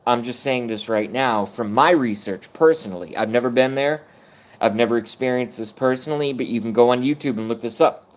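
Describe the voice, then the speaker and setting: A man's voice: medium pitch, brisk. A middle-aged man ranting casually on a livestream, rambling and swearing while chatting with viewers. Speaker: livestream host.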